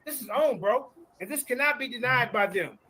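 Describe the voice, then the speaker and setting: Emphatic debater, very high tense voice, reading verses over a call. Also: male voice, lively intonation, normal speed, sharp tone, breathy edge, low-quality recording. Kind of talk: debate argument reading scripture.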